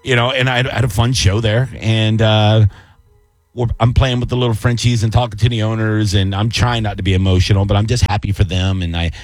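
A man's voice: on the low side, a little fast, dry recording. Guy on a radio show telling stories, dry studio sound, bit of music in the back, swears casually. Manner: animated storyteller, swears casually. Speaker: radio co-host, comedian.

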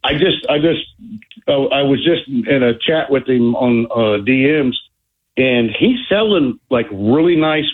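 A man calling in to a radio show, rambling in a hesitant way and often stopping to search for words. His husky voice comes through a thin, tinny phone line. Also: medium pitch, animated, measured pace. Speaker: caller. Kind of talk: casual phone call.

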